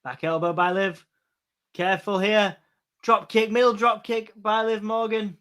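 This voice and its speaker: Co-hosting a laid-back wrestling watch-along, this high-pitched man keeps a level, slightly bright, clean tone while stammering through restarts and rapidly calling each move live.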